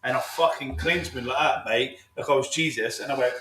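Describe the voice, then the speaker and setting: A man's voice: medium pitch, heavy background noise. A man hosting a casual podcast chat, rambling and swearing freely, calling his guest "mate". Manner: rapid, rambling, heavy swearing, lots of "mate". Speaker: podcast host.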